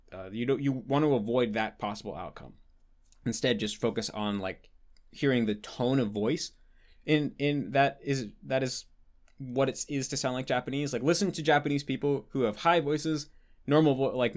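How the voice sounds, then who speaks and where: Rambling man answering questions. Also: medium pitch. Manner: rambling, restarts with many likes, explanatory. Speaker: host answering patron questions. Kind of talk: casual Q&A monologue.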